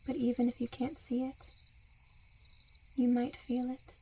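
A woman in a whispered role-play, with a soft, soothing and coaxing hypnotic murmur. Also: a little high, flat delivery, a little slow, lo-fi sound, slight background noise. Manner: seductive, coaxing.

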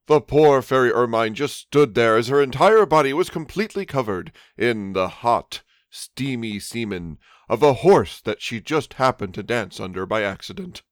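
A man's voice: medium pitch, a little hiss or hum. A man narrating a comic adult storybook in a mock-innocent fairy-tale manner.

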